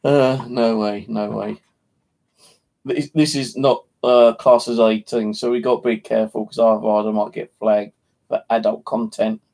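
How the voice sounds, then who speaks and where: Gravelly English man with a slight lisp. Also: on the low side, flat delivery, moderate pace, warm tone. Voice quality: slight lisp from missing teeth. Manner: rambling, crude and joking. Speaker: live streamer. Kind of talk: casual live stream chat. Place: home.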